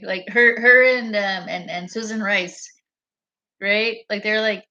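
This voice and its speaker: A woman's voice: medium pitch, measured pace, long pauses, bright, forceful tone. A woman vlogger talking to her camera in a meandering, profane monologue that often loses its thread. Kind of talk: rambling casual monologue to camera. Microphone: camera mic.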